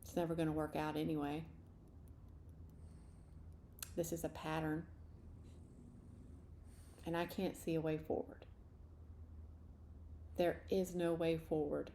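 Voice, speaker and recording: A woman guides a tapping session, voicing slow, repetitive first-person statements. Her voice sits low and mellow, with a faint hiss behind it. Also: level tone, creaky. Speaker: tapping practitioner. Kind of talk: guided EFT tapping script.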